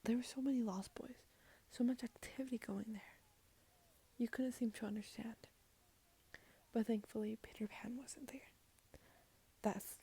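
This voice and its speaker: A woman voice actor telling a second-person story to the listener, softly whispered as a role-play. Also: a little high, breathy edge.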